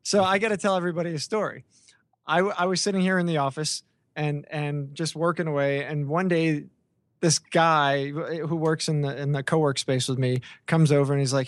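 A man hosts a podcast interview in a loose, joking way, ribbing his guest as he talks. His voice sits a little high, and he often trips over his words and restarts. The recording is close and dry, with no room sound. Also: fairly even intonation, a little fast, no echo. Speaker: podcast host. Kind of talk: casual interview chat.

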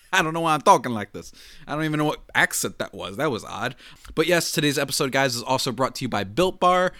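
Male podcast host, bright and energetic, dry studio sound, casual sports chat. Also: medium pitch, no room sound. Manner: upbeat, hyped intro with big swoops.

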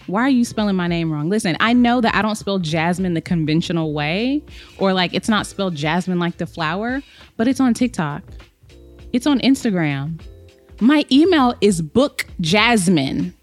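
A young woman hosting her own podcast in a sassy, emphatic monologue, calling listeners honey and babe. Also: lowish voice. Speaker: podcast host. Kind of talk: casual solo podcast monologue.

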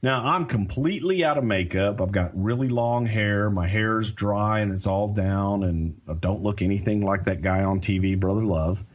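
A man telling a story in casual chat, animated and self-mocking, acting out other people's lines. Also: on the low side, normal speed, few pauses. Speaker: storyteller guest.

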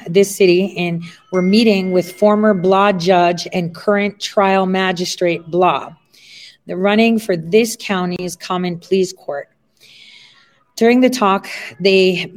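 Casting: woman streamer from Ohio, slightly low voice, rambling monologue with lots of fillers and asides. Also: steady tone, slow. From Ohio, USA. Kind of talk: casual livestream monologue.

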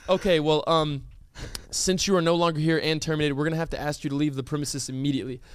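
A man voicing a stern, coldly polite female store manager who talks in a flat, hesitant, formal way full of ums. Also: a little high, quick pace, clear, resonant tone, voice pushed down, close to an everyday voice. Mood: firm.

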